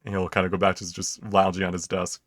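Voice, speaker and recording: A man narrating a tabletop game as game master, in a relaxed, rambling way with fillers. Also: low voice, quick pace, dry recording, clean studio sound.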